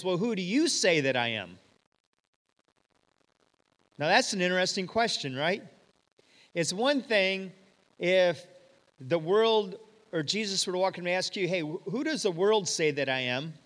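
Guy preaching a sermon, kinda high voice, storytelling, echoey big room. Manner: storytelling with rhetorical questions, animated quoting. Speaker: pastor. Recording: long hall reverb.

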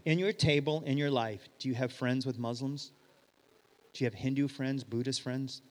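A middle-aged man preaching a sermon as pastor, telling stories and acting out the dialogue, sometimes loud and sometimes hushed. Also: medium pitch, normal speed. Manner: animated storyteller, acts out dialogue, swings loud and hushed. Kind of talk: sermon with storytelling. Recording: reverberant hall.

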